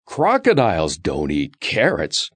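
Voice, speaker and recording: A big, hungry storybook crocodile booms out his lines in a loud, fierce voice, as a man reads him aloud. His voice swings widely up and down in pitch. The recording is dry and close. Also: wildly swooping pitch, a little slow, slightly rough, no echo, exaggerated voice.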